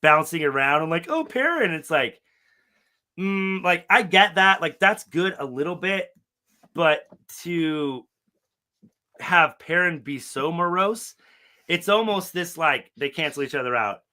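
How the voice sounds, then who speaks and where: A man's voice: a little high, unhurried. A man co-hosting a fan podcast, chatting casually and profanely, often mimicking characters. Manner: profane, animated, mimics characters in funny voices. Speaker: podcast co-host. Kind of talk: casual chat.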